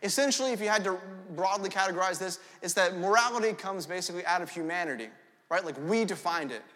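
Young male pastor, high bright tone, lively storytelling sermon, long hall reverb. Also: fast talker. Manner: animated, storytelling, frequent "right?" asides. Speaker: preacher.

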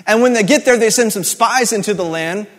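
A man's voice: high voice, brisk, fairly bright tone, in a large hall. A man preaching a sermon in a conversational, emphatic way, repeating key words for effect. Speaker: pastor.

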